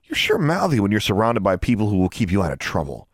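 A man's voice: fairly low pitch, wildly swooping pitch, quick pace, dry recording, clean studio sound. A man voicing a smug, condescending teenage boy wizard.

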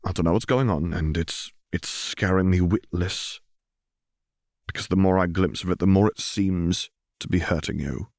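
Male narrator as a frightened father begging his son softly; low, hushed, halting delivery in an audiobook. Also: gravelly, dry recording, studio quality. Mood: pleading. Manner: soft, hushed, halting pleading. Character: worried middle-aged father, pleading gently.

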